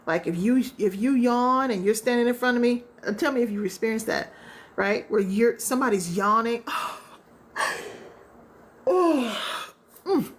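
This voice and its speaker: A woman coach speaking casually to her listeners about relationships, with features in her speech. She tells everyday stories, acts out little quotes, and keeps checking in with asides. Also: medium pitch. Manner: conversational, storytelling with acted-out quotes and rhetorical asides. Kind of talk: casual live-stream talk.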